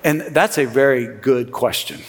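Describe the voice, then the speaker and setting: A middle-aged man, a pastor, preaching a sermon in a conversational, animated way with sarcastic asides and frequent restarts. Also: medium pitch, a little slow. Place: large church sanctuary. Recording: long reverb of a large church hall.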